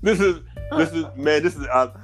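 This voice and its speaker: A man in his forties chatting casually, telling a story with lively animation, acting out both sides of conversations and laughing often. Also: fairly high pitch, moderate pace, music in the background. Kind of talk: casual chat.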